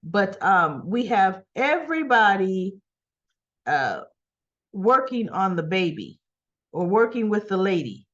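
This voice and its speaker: Her voice sits in the mid range and moves slowly, with the high frequencies cut off in the recording. Chatting casually, this woman walks through and critiques a soap opera episode, voicing the characters' dialogue and laughing incredulously and teasingly throughout.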